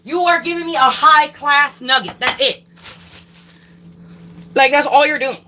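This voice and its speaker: A woman's voice: high-pitched, unhurried, sharp tone, a little hiss or hum, low-quality recording. A young woman ranting casually on a livestream, swearing a lot and repeating herself for emphasis.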